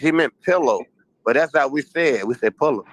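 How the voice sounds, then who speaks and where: A laid-back man speaks with a Southern Virginia accent, swearing freely as he tells stories in casual chat. His voice sits at a middle pitch. The sound is dry and close. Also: animated, normal speed, no room sound, rough recording. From Richmond, Virginia.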